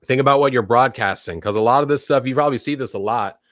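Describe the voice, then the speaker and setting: A man talking casually to viewers as a spiritual teacher, loose and animated, swearing freely and repeating words for emphasis. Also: medium pitch, fast, no echo, clean studio sound.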